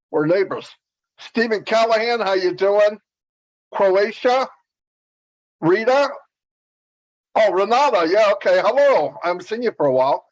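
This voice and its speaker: A man co-hosting a livestream, relaxed and joking as he greets viewers. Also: high-pitched. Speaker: co-host. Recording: dull lo-fi stream audio.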